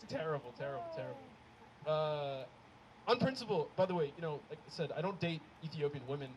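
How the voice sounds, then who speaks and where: A young man performing a stand-up comedy set, telling stories in an animated way and laughing at his own jokes. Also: fairly high pitch, a little fast, a crowd in the background, low-quality recording. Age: young adult. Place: comedy show with a live audience.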